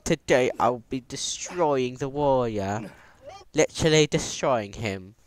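A man chats over his gameplay in a loose, joking way, teasing a friend as he plays. His pitch swings around a lot while staying in a middle register. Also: expressive, slow pace, background noise. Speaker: gaming video creator. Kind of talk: casual gameplay commentary.

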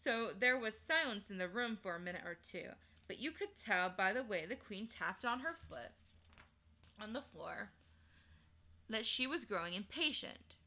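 A woman streamer reading a children's novel aloud in a measured, unhurried way. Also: mid-range voice, expressive, bright, forceful tone. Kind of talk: storybook read-aloud.

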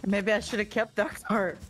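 A man's voice: high-pitched, fairly bright tone. A man streaming a card game, casual playful chat with teasing and giggles. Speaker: streamer host. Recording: faint background music.

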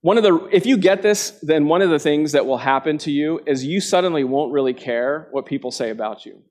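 Earnest man preaching to a congregation. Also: fairly quick. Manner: earnest, asks the listeners direct questions; dramatic quotes with sharp jumps in pitch. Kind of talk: sermon. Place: church gathering before a live congregation.

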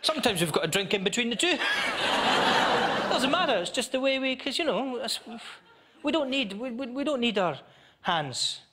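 A Scottish man doing a stand-up comedy set, animated and chatty as he tells stories to a live audience. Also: very high-pitched, normal speed, heavy background noise. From Scotland. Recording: live show with audience laughter.

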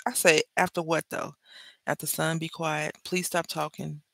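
A woman's voice: low voice, moderate pace, vocal fry, no echo. A middle-aged woman, chatting and telling stories while she makes jewelry for her craft video. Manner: chatty storyteller, animated and joking. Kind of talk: casual chat while crafting.

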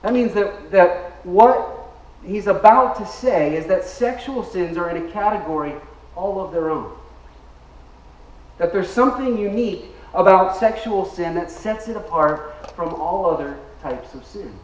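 A male pastor preaches a sermon, pitched a little high for a man and pressing his points with emphasis. He gets the congregation to repeat words back to him. The sound is roomy and echoey, picked up from some distance in a church. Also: expressive, a little slow. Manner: emphatic, leads the congregation in call-and-response. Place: church sanctuary. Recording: echoey room, mic at a distance.

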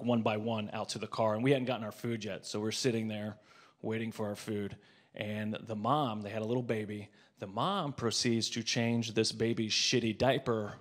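A stand-up comedian in his forties, his voice sitting in an ordinary middle pitch. He spins a story with hushed, muttered asides and then bursts into loud, exasperated rants. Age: 40s.

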